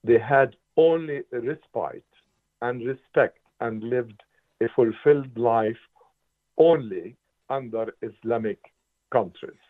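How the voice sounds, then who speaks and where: A man's voice: medium pitch, takes it slowly. A man in his seventies from Palestine, speaking as a guest in a radio interview in an impassioned, emphatic way. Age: 70s. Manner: impassioned, emphatic, occasional restarts. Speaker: interview guest, writer and political analyst. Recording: tinny phone-like radio line.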